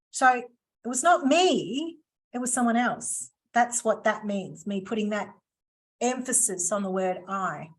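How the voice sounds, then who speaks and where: A woman's voice: mid-range voice, lively intonation, unhurried. A woman presenting a live online training session over a video call, chatty and playful with teasing asides. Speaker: workshop presenter.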